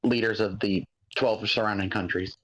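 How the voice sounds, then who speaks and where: A man's voice: lowish voice, steady tone, normal speed, a bit bright, rough recording. A man running a tabletop game as game master, describing characters in a casual, slightly rambling way.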